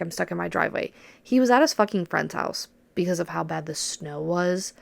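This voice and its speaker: A woman's voice: fairly low pitch, vocal fry, no echo. A woman, hosting a podcast and bluntly retelling a personal story, swearing freely. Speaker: podcast host.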